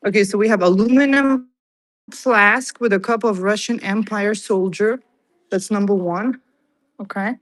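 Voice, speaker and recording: A woman's voice: medium pitch, low-quality recording. A woman streams a walk-through of an old fort museum indoors, a little out of breath. She reads the display cards aloud and chats to her viewers between exhibits. Her voice comes through a handheld phone mic. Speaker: livestream host. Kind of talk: casual livestream museum tour.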